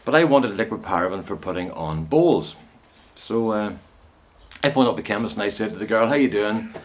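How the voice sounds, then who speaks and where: A man's voice: fairly low pitch, lively intonation, brisk. A middle-aged man, chatting in a rambling, anecdotal way as he films himself outdoors in his garden. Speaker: gardening vlogger. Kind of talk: casual anecdotal vlog. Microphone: handheld camera he films himself with.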